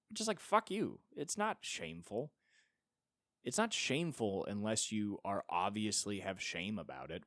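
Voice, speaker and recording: A man's voice: on the low side, no echo, clean studio sound. A young man hosting a solo podcast, ranting with sarcasm and profanity and mocking others in put-on voices. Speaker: podcast host.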